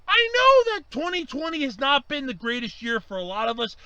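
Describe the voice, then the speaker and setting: A man ranting angrily to camera, swearing and raising his voice to yelling, his voice strained from shouting. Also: very high-pitched, big pitch swings, a little fast, a little hiss or hum, low-quality recording. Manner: heated, swearing, raises voice to yelling. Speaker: vlogger. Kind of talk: angry ranting monologue.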